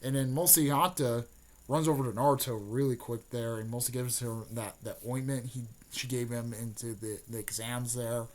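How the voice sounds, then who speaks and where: A man's voice: mid-range voice, steady tone, normal speed, a little mellow. A young man, a YouTuber, casually retelling a plot in a rambling way full of fillers and restarts.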